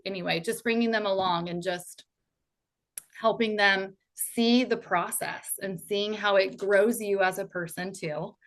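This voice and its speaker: A woman in her thirties appears as a guest on a faith podcast, speaking earnestly and from the heart with plenty of casual fillers. Her voice is medium in pitch with a fairly bright tone.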